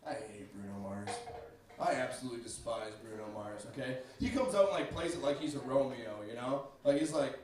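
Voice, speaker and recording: A man's voice: mid-range voice, brisk, a little mellow, a little hiss or hum. A young man performing a stand-up comedy set in a club, brash and profane, talking straight to the crowd. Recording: echoey club, mic far off.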